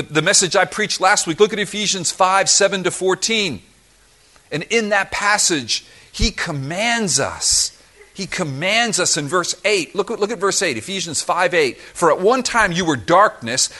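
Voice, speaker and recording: A man preaching a sermon as pastor, lively and emphatic with touches of humor. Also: high-pitched.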